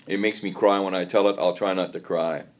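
A man giving a sermon in a church, telling a story in a halting way and often repeating words. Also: deep voice, fairly even intonation.

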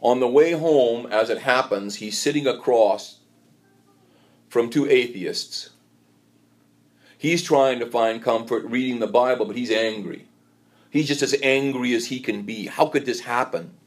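A man giving a sermon in a church, telling a story in a halting way and often repeating words. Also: medium pitch.

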